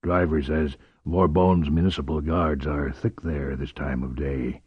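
A man voicing a gruff, terse bodyguard in an audiobook, speaking low and clipped. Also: fairly even intonation, measured pace, no echo, lo-fi sound, full character voice. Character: gruff, terse male bodyguard, grim and watchful. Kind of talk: audiobook character voice.

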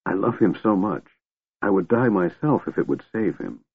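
A man doing a scared young woman in a storybook, soft and pleading, her words rising and falling widely. The husky voice comes through a thin, phone-like line with no room sound at all. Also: fairly low pitch, sing-song, normal speed, dry recording, heavily acted. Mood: earnest. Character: young woman, frightened but trying to be strong. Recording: tinny phone-like dry sound.

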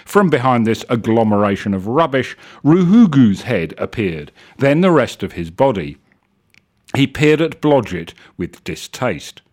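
A man reading a comic story aloud on a live show in a wry, lively way. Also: mid-range voice, unhurried. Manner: lively, wry, self-correcting.

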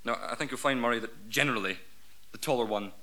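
A Scottish man doing lively showbiz patter in a radio comedy double act. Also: mid-range voice, quick pace. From Scotland.

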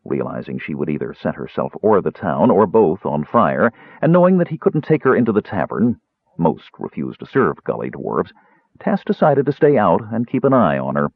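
Man narrating a story, low husky voice, very animated delivery, tinny phone-line sound. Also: moderate pace, no room sound. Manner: expressive storytelling. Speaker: audiobook narrator. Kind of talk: scripted narration.

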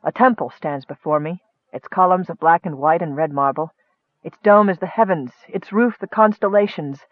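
A man narrates a fantasy story in steady, expressive storytelling. His voice is high for a man. The recording is dry, close and slightly dull. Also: moderate pace, no room sound. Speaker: audiobook narrator.

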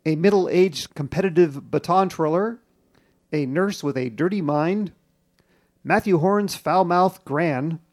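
A man hosting a television podcast, narrating in a measured, informative way. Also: a little high, a little mellow. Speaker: podcast host. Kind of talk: scripted narration and chat.

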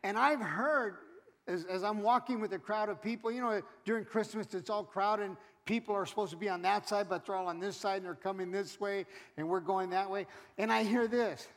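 A middle-aged man preaching a sermon as pastor, animated, swinging from loud exhortation to quiet asides. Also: high voice, brisk. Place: church sanctuary. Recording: long hall reverb.

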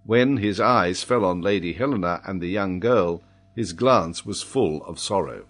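Male narrator, measured audiobook reading, lowish voice.

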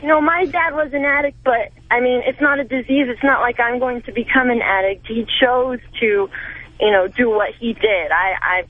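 Woman ringing in to talk radio, fired up, kinda breathy, dull phone sound. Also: on the high side, moderate pace. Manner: indignant, emphatic. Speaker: caller. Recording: muffled phone line.

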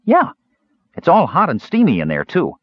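A man doing a shrill, eager little kender. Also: huge pitch swings, moderate pace, breathy edge, no echo, full character voice. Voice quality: high-pitched and shrill. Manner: eager, chattering, innocent. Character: small excitable male kender, nosy and cheerful. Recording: dull lo-fi dry audiobook recording.

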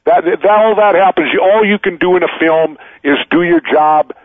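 A man's voice: high-pitched, normal speed. A man in his sixties, a guest in an interview, telling stories casually with frequent restarts. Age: 60s. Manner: loose storytelling with frequent restarts. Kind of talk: casual interview over the phone. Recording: tinny dry phone line.

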